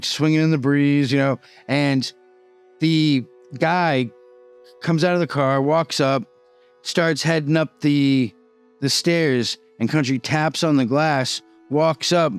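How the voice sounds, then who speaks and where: A man tells a story in a loose, rambling way, filling his sentences with "like" and "you know." His voice is smooth and clear and sits at an ordinary pitch. The sound is dry and close, with faint music underneath. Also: steady tone, takes it slowly, no echo. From Boston. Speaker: YouTuber telling prison stories. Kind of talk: casual storytelling.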